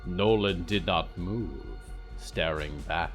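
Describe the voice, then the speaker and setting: A man narrating a scripted fiction story in a calm, even voice. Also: fairly low pitch, slow, over music.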